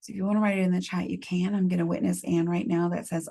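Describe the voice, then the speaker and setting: A woman leading a support group through a gentle guided reflection, calmly reading out messages from the chat. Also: on the low side, gravelly. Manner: gentle, unhurried, reads chat messages aloud. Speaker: medium leading a healing workshop.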